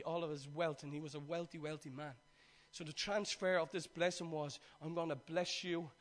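A man with an Irish accent preaching a sermon, telling a story with animation and joking with the congregation. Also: on the high side. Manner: animated storytelling, acts out the characters; jokes with the congregation.

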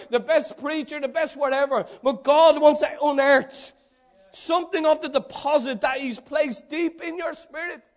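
A man preaching a fervent sermon, building with rhetorical repetition. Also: very high-pitched.

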